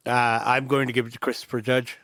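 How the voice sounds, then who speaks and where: A man co-hosting a casual podcast chat, talking in a halting way with many pauses. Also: mid-range voice, little pitch movement, a bit bright, no room sound. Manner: slow, halting, gives short agreements. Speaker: podcast co-host.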